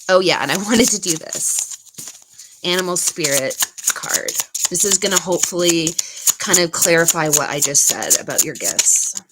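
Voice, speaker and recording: A woman hosting a live tarot stream, giving card readings in a soft, unhurried way with many pauses and fillers. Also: on the low side, lively intonation, noisy background. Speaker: tarot reader and channel host.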